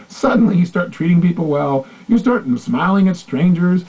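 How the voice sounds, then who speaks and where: A man gives a motivational seminar talk with a lively, swooping delivery, and he acts out conversations in shifting voices. His voice is husky and mellow, and the recording sounds dull and lo-fi. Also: sits high, unhurried. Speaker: motivational speaker. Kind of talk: seminar talk acting out dialogues.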